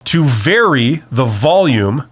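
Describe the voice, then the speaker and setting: A man's voice: mid-range voice, slow pace, husky. A man hosting a solo advice podcast, speaking off the cuff and checking in with "okay?" after each point. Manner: animated, says "okay?" after most points; varies volume and speed to demonstrate. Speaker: podcast host. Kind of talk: unscripted solo advice talk.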